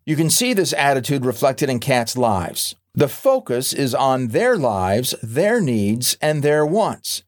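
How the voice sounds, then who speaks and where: A man reads a nonfiction book aloud at a mid-range pitch for a male voice. His narration is wry and gently humorous, and his delivery is measured and unhurried. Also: very animated. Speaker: audiobook narrator.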